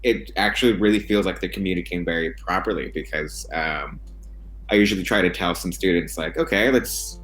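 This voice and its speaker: A man who teaches English, answering in a relaxed, casual way with lots of fillers. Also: low voice, a little fast. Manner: relaxed, filler-heavy with many "like"s.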